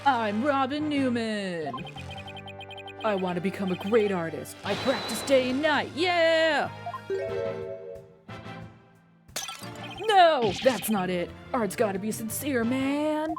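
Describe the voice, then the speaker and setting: A woman voicing an excitable teenage boy who is a prosecutor student, loud and jumpy. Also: on the high side, unhurried, over music. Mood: eager.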